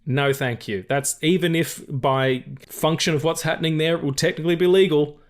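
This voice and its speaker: A man's voice: a little high, fairly even intonation, moderate pace. A man co-hosting a casual film podcast, joking, swearing freely and laughing often. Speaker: podcast co-host.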